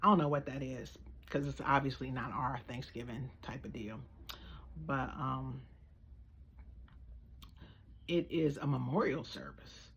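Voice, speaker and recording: An American woman giving blunt, slangy, animated opinion commentary in a casual vlog. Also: extremely low pitch, a little slow, gravelly, pauses often, slight background noise. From United States. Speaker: vlogger.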